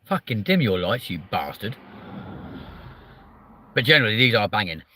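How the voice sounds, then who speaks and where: A man's voice: on the low side, big pitch swings, moderate pace, bright, forceful tone, a little hiss or hum. A man hosting a live stream, chatting casually, reading out the chat and swearing freely between lots of ums.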